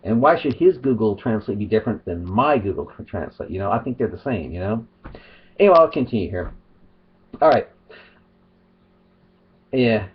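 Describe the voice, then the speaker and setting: Middle-aged male vlogger, husky low voice, rambly delivery, muffled home recording. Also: sing-song, moderate pace, long pauses. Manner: rambling, restarts and trails off. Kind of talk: casual vlog monologue. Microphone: webcam or phone.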